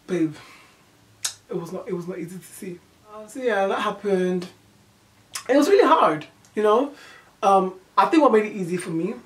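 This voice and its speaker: A young woman from Nigeria with a fairly low voice, talking through a personal storytime for her channel. She speaks candidly and haltingly, circles back on her own words and keeps asking the viewer if they follow. The mic sits a little way off. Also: distant mic. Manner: halting, candid, repeats herself, asks "do you know what I mean". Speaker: vlogger.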